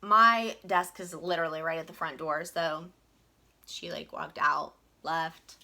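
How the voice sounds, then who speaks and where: A woman's voice: sits low, fairly even intonation, a little slow, creaky, sharp tone. A young woman from Virginia, telling a work story in a chatty, frank way full of fillers. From West Virginia. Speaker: vlogger. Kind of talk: casual storytime venting.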